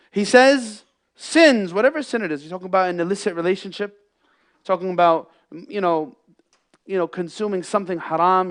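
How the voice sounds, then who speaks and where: A man with a fairly high voice preaches a Friday sermon in a mosque. He builds to loud, emphatic peaks and then drops to hushed, quiet lines. He often slips Arabic phrases into his English. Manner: impassioned, swings between loud emphasis and hushed lows, mixes in Arabic phrases. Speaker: imam giving a Friday sermon. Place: mosque prayer hall.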